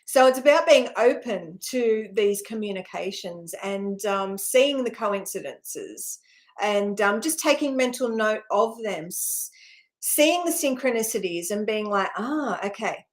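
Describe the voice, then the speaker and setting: A woman's voice: medium pitch, lively intonation, measured pace. A middle-aged woman hosting a spiritual channel, talking casually and rambling, with many fillers and frequent laughs.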